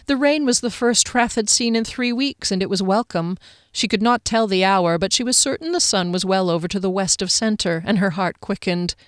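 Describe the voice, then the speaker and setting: A woman narrating a fantasy novel aloud with an expressive, dramatic reading. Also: mid-range voice, normal speed, no room sound, studio quality. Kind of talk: audiobook narration.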